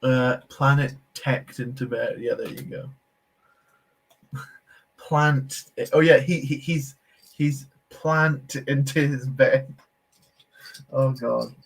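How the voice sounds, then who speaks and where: A man's voice: mid-range voice, steady tone, takes it slowly, gravelly, long pauses, husky. Chatty man streaming. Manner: chatty, laughs often, reads chat aloud. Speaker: Lego streamer. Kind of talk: casual live stream chat while building.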